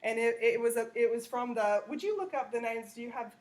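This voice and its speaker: A woman's voice: fairly high pitch, a little fast, a little mellow. A woman lecturing a classroom, talking conversationally and checking in with "okay?". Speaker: teacher.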